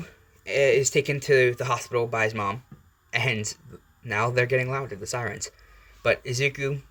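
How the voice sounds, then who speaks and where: A man telling a made-up fan story off the cuff, at an ordinary middle pitch. He rambles, stops for side comments and drops in curse words along the way. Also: fairly bright tone. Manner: casual, rambling, with asides and swearing. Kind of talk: improvised fan story narration.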